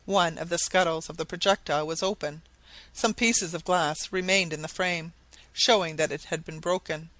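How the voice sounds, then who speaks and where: Bright-toned man reading a classic novel. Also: on the high side, moderate pace, dry recording, low-quality recording. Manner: animated, acts out shouted quotes. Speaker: audiobook reader.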